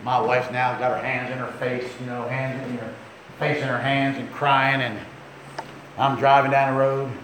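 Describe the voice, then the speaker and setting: Middle-aged male pastor, folksy sermon storyteller, big sudden outbursts; booming echoey sanctuary with faint room noise. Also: level tone, moderate pace, a bit bright. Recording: very echoey church hall.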